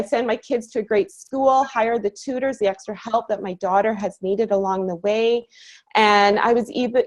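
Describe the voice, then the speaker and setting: A woman in her thirties from Canada tells her own story as a call guest. Her voice sits at a middle pitch, and she speaks with earnest enthusiasm. She often slips in a "you know" and laughs easily. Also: a little mellow. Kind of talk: personal story in casual conversation.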